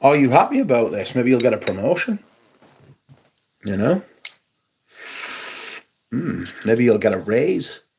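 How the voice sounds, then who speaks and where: Guy doing a chill livestream, bit gravelly, dry humour, saying hi to chat. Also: mid-range voice, very animated, unhurried, pauses often, darkish tone. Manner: chatty, wry, greets viewers by name. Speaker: livestream host. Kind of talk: casual live-stream chat.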